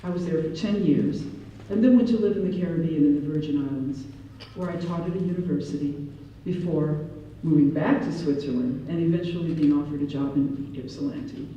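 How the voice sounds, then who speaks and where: A middle-aged woman from Ohio and Michigan, telling personal stories in an animated lecture and acting out the people she quotes. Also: low voice, brisk, slight background noise. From Ohio and Michigan, USA. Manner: animated, acts out quoted voices, slips into French. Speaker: professor giving a talk. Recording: echoey hall, distant mic, dull sound.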